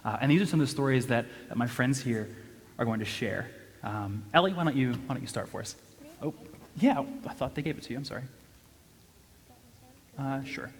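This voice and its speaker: A young man telling a funny personal story to an audience at a church event, animated and self-deprecating, with lots of restarts and "right?". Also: mid-range voice, brisk, long pauses. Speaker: church speaker. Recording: long hall reverb.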